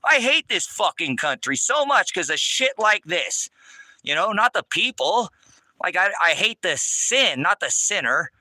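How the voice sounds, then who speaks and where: A man with a high, sharp voice vents his anger to his viewers, cursing and repeating himself. He is outdoors on his rural land, filming on a phone held in his hand. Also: very animated, measured pace, dry recording. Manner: heated, cursing, repetitive. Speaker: online ministry host. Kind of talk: angry profane outdoor rant to viewers.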